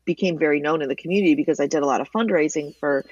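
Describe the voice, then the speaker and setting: A woman guest in a candid interview, telling her own story with animated, emotional storytelling. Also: low-pitched, rapid-fire, dry recording, muffled recording. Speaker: interview guest, cancer advocate.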